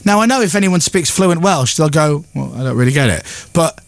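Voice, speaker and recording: A man hosting a breakfast radio show, chatting casually and telling stories with lively impressions. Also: fairly high pitch, fairly quick, no echo. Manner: animated, mimics others in storytelling. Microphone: studio microphone.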